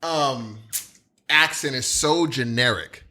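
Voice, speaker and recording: A man from California chatting on a podcast, slangy and animated, acting out his own reactions. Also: mid-range voice, takes it slowly. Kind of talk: casual chat.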